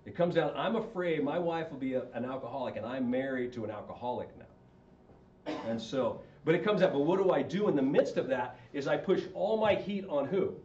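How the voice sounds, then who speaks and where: A man whose voice sits on the high side talks briskly about marriage to a group, with lively intonation and a darkish tone, asking the audience questions as he goes. Slight background noise, echo, and a dull sound come from a distant mic.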